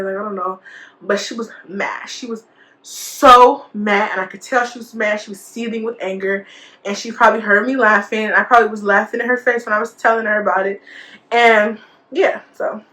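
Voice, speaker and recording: A woman's voice: fairly high pitch, sharp tone. A young woman vlogger telling a school story in a casual, chatty way, full of fillers and quoted dialogue. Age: young adult.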